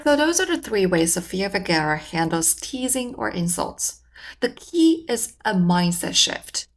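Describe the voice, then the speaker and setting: A woman hosting a communication channel, giving measured, explanatory scripted narration. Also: fairly low pitch, sing-song.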